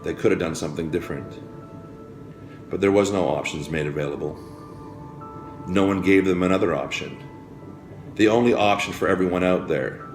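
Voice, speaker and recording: A man giving a preachy, repetitive motivational speech about health, swinging from hushed, grave passages to rousing calls to change. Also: deep voice. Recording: roomy with faint music behind.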